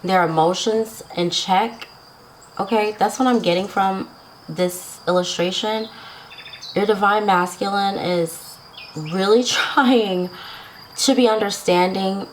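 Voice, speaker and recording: A woman's voice: medium pitch, a little hiss or hum, poor audio. A woman giving a casual tarot reading to her viewers, chatty and laughing often, checking in with "right?" and "okay?". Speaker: tarot reader.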